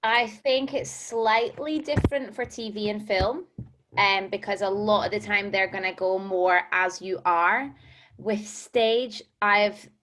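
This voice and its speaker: A young Glaswegian woman speaks candidly and chattily about auditions during a casual panel, sharing advice as a performer and using frequent fillers. Her medium-pitched voice is steady, slow and a bit bright.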